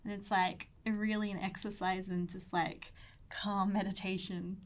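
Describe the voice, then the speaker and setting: A young Australian woman, an artist, talks through an ink drawing in a rambling, chatty way, full of fillers and asides, sometimes trailing off into soft murmurs as she concentrates. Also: mid-range voice, flat delivery, a little slow. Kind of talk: casual drawing tutorial.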